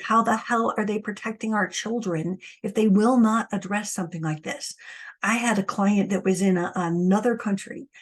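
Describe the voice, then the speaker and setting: A woman's voice: mid-range voice, husky. A middle-aged woman, an abuse support coach, speaking bluntly and with frustration straight to her viewers. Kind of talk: impassioned direct-to-camera monologue.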